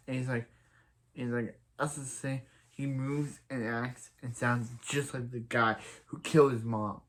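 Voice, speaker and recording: A man recaps a TV episode in a loose, rambling way, stringing scenes together with endless filler and restarts. His voice sits at a medium pitch, and he quotes the characters without changing his tone. It sounds like a casual review. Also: flat delivery, measured pace. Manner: rambling, retells scenes with constant "he's like" and filler "so, yeah". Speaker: TV show reviewer.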